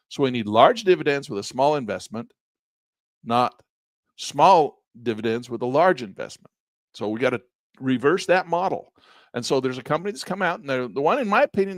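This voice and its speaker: A man's voice: mid-range voice, dry recording, clean studio sound. A man hosting an investing channel, talking casually and emphatically to his viewers, often repeating himself.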